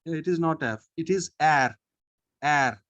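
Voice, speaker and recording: A man teaching a French lesson online, slowly and patiently, repeating each sound and often checking in with "okay". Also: fairly high pitch, a bit bright, muffled recording.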